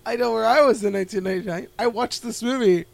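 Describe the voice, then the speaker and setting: A man with a high voice and a gravelly, fry-laced edge, chatting loosely on a podcast. He rambles through his memories with plenty of swearing and quick laughs. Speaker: podcast co-host. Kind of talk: casual chat.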